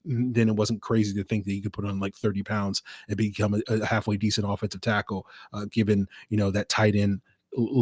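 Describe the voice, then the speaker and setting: A man's voice: fairly low pitch, dry recording. A man hosting a solo sports podcast, talking through his analysis in a conversational way with plenty of fillers and some dry sarcasm. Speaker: podcast host.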